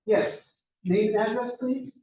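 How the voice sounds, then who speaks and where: Male meeting chair, high mellow voice, calling the room to order from afar. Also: slow, far from the mic, a little hiss or hum. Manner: projecting without a microphone, formal. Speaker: board chairman. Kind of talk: opening a town meeting. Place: school cafeteria. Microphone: far room microphone. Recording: echoey, dull room recording from afar.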